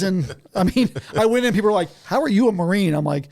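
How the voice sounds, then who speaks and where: High-pitched and fast, with few pauses, a man tells animated stories as a guest on a podcast recorded in a house. The talk is casual, and he keeps breaking into laughter mid-sentence.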